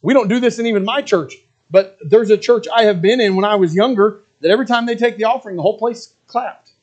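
A man's voice: high-pitched, fast talker, muffled recording. A middle-aged male pastor preaching a sermon, earnest and plain, who slips into mocking asides as he quotes reluctant givers.

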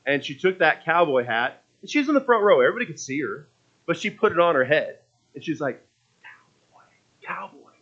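A man's voice: fairly high pitch, very animated, fairly quick, a bit bright, muffled recording. A man preaching a sermon in a conversational, storytelling way, often restarting his phrases.

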